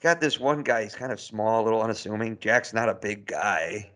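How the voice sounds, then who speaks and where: A man's voice: on the low side, brisk, a bit bright. A man co-hosting a casual podcast chat, making wry asides and film references. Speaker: podcast co-host.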